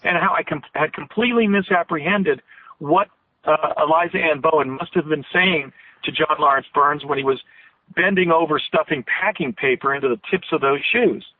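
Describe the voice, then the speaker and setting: A man's voice: on the high side, normal speed, no room sound. Earnest man on a tinny phone line. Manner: earnest, long detailed storytelling; emotional, voice catching. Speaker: radio show guest. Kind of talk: phone-in radio interview.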